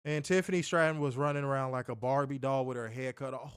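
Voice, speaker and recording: A man's voice: mid-range voice, steady tone, quick pace, clear, resonant tone, no room sound, clean studio sound. A man co-hosting a wrestling review in casual chat, sarcastic and exasperated, often restarting his sentences. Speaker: wrestling show co-host.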